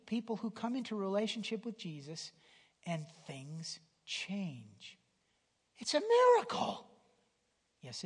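A pastor with a high, slightly rough voice preaches a sermon conversationally in a church hall with long reverb. He restarts phrases and swings from loud emphasis down to almost a whisper.

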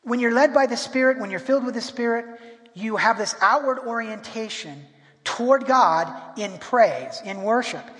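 A man's voice: very high-pitched, expressive, moderate pace, fairly bright tone. A middle-aged man preaching a sermon as pastor in a church, speaking with emphasis and often restarting and repeating his words. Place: church sanctuary. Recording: long hall reverb.

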